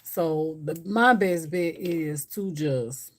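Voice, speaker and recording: A woman with a low-sitting voice speaks at a slow pace while hosting a casual livestream. She chats and rambles directly to her live viewers.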